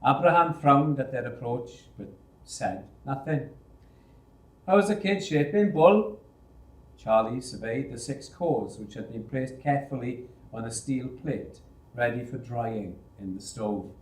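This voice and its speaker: A man narrates a novel at an unhurried, deliberate pace, his voice sitting in a middle register. The recording has a noticeable roomy echo. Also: medium pitch. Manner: measured, unhurried. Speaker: storyteller. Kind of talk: audiobook reading.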